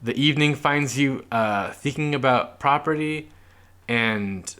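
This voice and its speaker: A man's voice: medium pitch, unhurried, fairly bright tone, smooth. A young man co-hosting a podcast, casually chatting and reading old newspaper clippings aloud with a loose, filler-heavy delivery. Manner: laid-back, reads clippings aloud with lots of "like". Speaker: podcast co-host. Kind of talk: casual chat.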